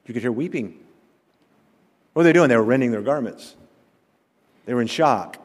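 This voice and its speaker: A man, a pastor, preaching a sermon that swings from loud declarations to hushed asides. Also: mid-range voice, expressive, normal speed, long pauses, long reverb tail.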